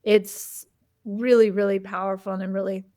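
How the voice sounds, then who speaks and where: A woman's voice: mid-range voice, little pitch movement, normal speed, mellow, no room sound, studio quality. A woman hosting a conversation, telling a candid personal story in a loose, open way with frequent "like" and "you know" fillers. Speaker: host.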